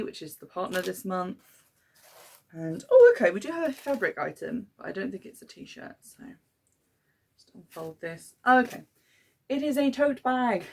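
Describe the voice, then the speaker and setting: A woman talks her way through an unboxing in an easy, hesitant chat, giving frank opinions as she goes. Her voice sits low, with a gravelly fry running through it. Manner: chatty, hesitant with many ums, mildly critical. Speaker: podcast host unboxing a subscription box.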